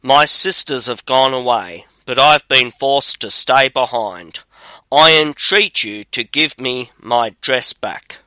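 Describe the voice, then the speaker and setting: A man's voice: mid-range voice, takes it slowly, pushed and bright, no echo, rough recording. A man reading the lines of a frightened young king's daughter under a witch's spell. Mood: pleading.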